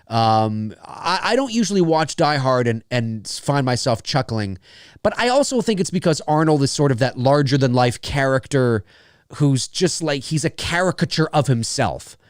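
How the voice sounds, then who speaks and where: A man's voice: on the high side, dry recording, clean studio sound. A man hosting a live movie commentary, talking casually in a rambling, chatty way, laughing often and swearing freely.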